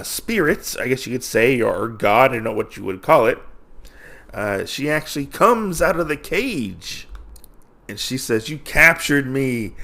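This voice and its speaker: A man's voice: mid-range voice, creaky, a bit bright. A man hosting a podcast, casually recapping a comic issue in a rambling way, full of fillers and restarts. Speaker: podcast host.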